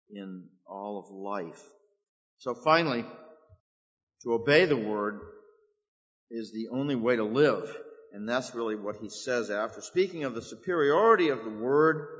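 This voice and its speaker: A male pastor giving a conversational sermon in a church, with frequent restarts. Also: medium pitch. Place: church sanctuary. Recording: dull sound with long hall reverb.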